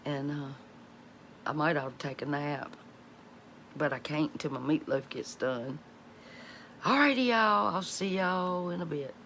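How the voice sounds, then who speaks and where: A woman's voice: low voice, a little slow, long pauses, fairly bright tone. A middle-aged woman with a drawl chats casually to her viewers from her home kitchen. She is folksy and talkative and laughs often between thoughts. A faint hum of noise sits under her voice. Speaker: cooking channel host.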